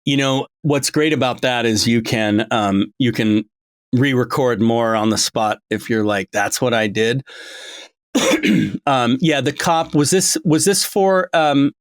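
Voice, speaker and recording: A man's voice: mid-range voice, takes it slowly, no room sound. A middle-aged man talking as a voice director in a casual interview, rambling and full of ums and restarts. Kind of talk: casual long-form interview. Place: his home.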